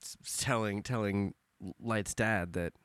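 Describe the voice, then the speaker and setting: A man's voice: lowish voice, takes it slowly, fairly bright tone, clear, resonant tone, dry recording. A man co-hosting a casual podcast, loose and joking with easy laughs. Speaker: podcast co-host.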